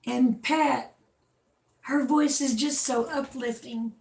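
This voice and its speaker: Gravelly Southern-drawling woman chatting. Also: sits high, fairly even intonation, slow pace, a little mellow. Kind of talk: casual chat. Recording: echoey room.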